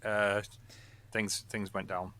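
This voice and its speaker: A man's voice: on the low side, level tone, takes it slowly, bright, forceful tone. A man who runs tabletop games, chatting on a podcast with dry, wry understatement. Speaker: tabletop game master, podcast regular. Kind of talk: casual chat.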